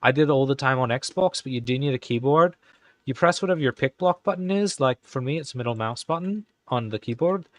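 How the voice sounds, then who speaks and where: A male streamer chatting and muttering his way through typing commands, heard close and dry with no room sound. He keeps up an exaggerated put-on Irish accent, stopping and correcting himself as he works. His voice sits at a middling pitch. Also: animated, fairly quick, dry recording. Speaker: live-stream host coding game commands. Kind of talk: casual live-stream commentary while typing.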